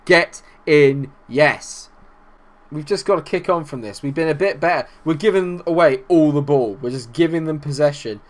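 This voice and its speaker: Young male let's-play commentator, frustrated and volatile, slightly raised pitch. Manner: exasperated, swings from muttering to shouting. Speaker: gaming YouTuber.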